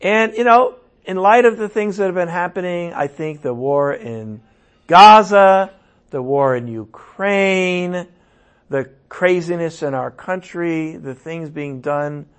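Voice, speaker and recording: A male pastor delivers a sermon at a slow, deliberate pace. His voice sits a bit high for a man. He leans hard on key words and swells into loud, raised passages. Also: clear, resonant tone.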